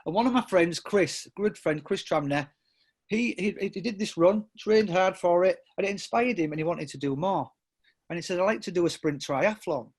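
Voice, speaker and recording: His voice is high-pitched, a little mellow and slightly rough, moving at normal speed. He's a middle-aged Englishman on a podcast, casually telling rambling stories full of self-interruptions, restarts, fillers and frequent laughter.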